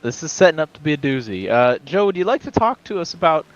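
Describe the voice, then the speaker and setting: A man's voice: fairly high pitch, very animated, fast talker, highs cut off. A man co-commentating a live sim race from the booth, folksy and upbeat.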